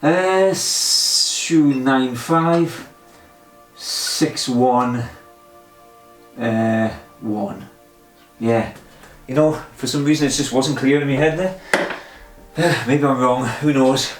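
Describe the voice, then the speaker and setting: A man's voice: mid-range voice, extremely slow. A man talking to himself during a workout, chuckling and self-mocking, out of breath, recorded in an echoey room with faint music. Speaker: vlogger doing a memory and pull-up challenge. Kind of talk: casual self-talk while exercising.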